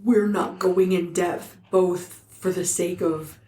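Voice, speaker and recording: A woman's voice: fairly low pitch, fairly even intonation, slow pace, dark tone. A woman co-hosting a podcast, chatting and reacting casually. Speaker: podcast co-host. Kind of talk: casual chat. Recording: echoey room with faint noise.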